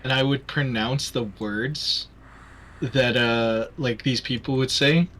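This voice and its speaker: A young Canadian man with a mostly Americanized accent and a bright, forward tone. He chats casually on a livestream, rambling through his thoughts with many fillers and restarts, and he sits at middling pitch for a man. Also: steady tone, slow pace, slight background noise. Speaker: livestream host. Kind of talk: casual chat.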